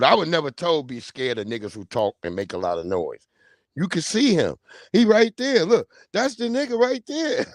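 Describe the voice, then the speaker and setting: A man hosting a casual livestream, talking in an animated, slangy way and calling out viewers by name. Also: extremely high pitch, dry recording, studio quality. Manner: animated, slangy, reads viewer names aloud. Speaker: livestream host.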